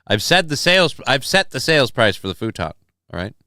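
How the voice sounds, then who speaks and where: A man's voice: mid-range voice, big pitch swings, a little fast, pushed and bright, no room sound, studio quality. A young man hosting a live stream, reading the chat and ranting in a crude, sarcastic, profane way. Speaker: livestream host reading chat.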